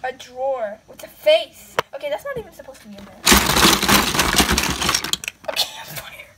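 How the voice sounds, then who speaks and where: A woman's voice: sits high, big pitch swings, moderate pace. A young woman narrating her own toy film in a goofy, dramatic way, with clicking noise behind. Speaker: toy video maker.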